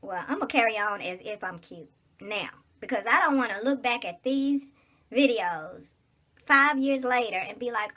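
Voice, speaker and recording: A woman talks straight to her viewers in a loose, rambling vlog, joking as she goes. Her voice is bright and a little husky, pitched slightly high. She speaks with plenty of casual slang. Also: lively intonation, moderate pace. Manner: chatty, loose and joking, with slangy informal speech. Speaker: vlogger.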